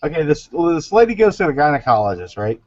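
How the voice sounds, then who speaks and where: A man with a fairly high voice that moves up and down a lot, rambling through a joke with restarts and stumbles. His voice comes over a dull, lo-fi voice chat line. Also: very animated, quick pace, no echo. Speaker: chat show regular. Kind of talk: casual online group chat.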